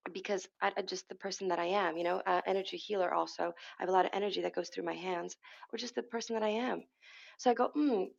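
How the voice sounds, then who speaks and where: A woman's voice: medium pitch, creaky, muffled recording. A woman, a hypnotherapist and energy healer, speaking as a podcast guest in a rambling way, often restarting and correcting herself. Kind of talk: casual conversational interview.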